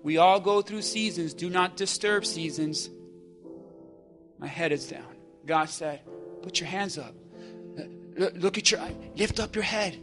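Male pastor, high and bright, dynamic sermon delivery with crowd call-and-response, soft music bed. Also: a little slow. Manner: energetic preaching, call-and-response with congregation, shifts from hushed to shouting.

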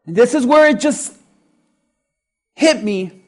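A man preaching a sermon as pastor, retelling a story and building emphasis through slow repetition. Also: extremely high pitch, expressive, darkish tone.

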